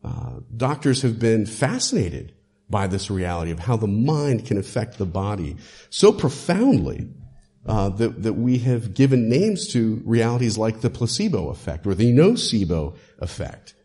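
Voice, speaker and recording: A man's voice: lowish voice, very animated, measured pace, dark tone, slight background noise. A male pastor preaching a sermon, emphatic and conversational, with frequent "uh" fillers.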